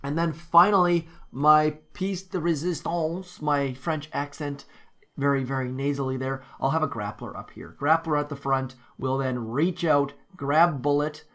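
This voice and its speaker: A man's voice: medium pitch, normal speed, a bit bright. Chatty man narrating his strategy game. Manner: chatty, thinks aloud with frequent ums. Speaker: gaming YouTuber. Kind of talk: casual gameplay commentary.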